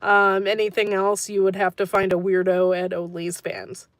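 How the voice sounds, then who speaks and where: A woman's voice: mid-range voice, monotone, moderate pace, no room sound. A woman hosting a gardening channel, chatting casually on a live stream and answering viewer comments, rambling and laughing often.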